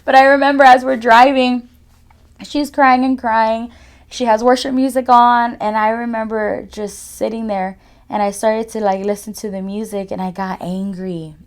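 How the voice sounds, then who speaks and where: A woman's voice: fairly high pitch, steady tone, moderate pace. A young woman giving a personal testimony as a podcast guest, talking casually with frequent "like" and "you know" fillers. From California.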